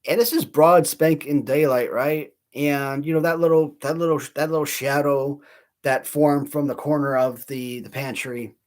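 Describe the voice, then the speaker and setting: A man's voice: a little high, moderate pace, darkish tone. A man in his thirties hosting a casual livestream, rambling and laughing at himself between stories. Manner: rambling, self-mocking, laughs often, many restarts. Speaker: channel host.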